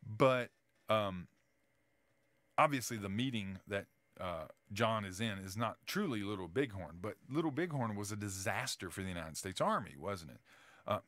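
A man's voice: fairly low pitch, fairly bright tone, no echo. A male teacher giving a casual writing lecture, full of fillers and restarts, often checking in with "right?".

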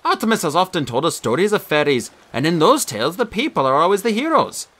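A man voicing a calm, precocious boy genius who speaks in a polished, formal, precise way. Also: high voice, quick pace, pitched above the performer's own voice, exaggerated voice. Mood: composed.

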